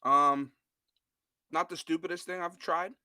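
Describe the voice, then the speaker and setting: Young male guest, laid-back and easygoing, bright tone, dry close mic. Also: fairly high pitch, unhurried, no room sound. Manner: relaxed, laid-back, short replies. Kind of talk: casual chat.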